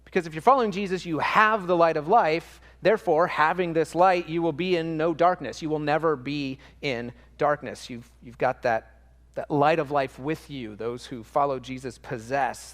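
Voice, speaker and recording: A man's voice: on the high side, fairly bright tone, long reverb tail. A man preaching a sermon in church, earnest and emphatic, stacking up repetitions and restarting phrases as he works through a thought. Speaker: pastor.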